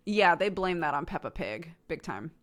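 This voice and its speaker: Lowish-voiced American woman chatting. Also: sing-song, measured pace. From United States. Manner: chatty, laughs often, filler-heavy. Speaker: streamer. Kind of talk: casual chat with stream chat.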